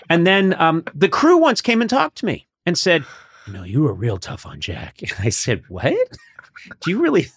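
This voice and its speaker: Male host, animated pitch, dry close sound, teasing and chatty. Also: moderate pace, slightly rough, dry recording. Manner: teasing, lively storytelling, laughs often. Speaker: podcast host. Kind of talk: casual chat.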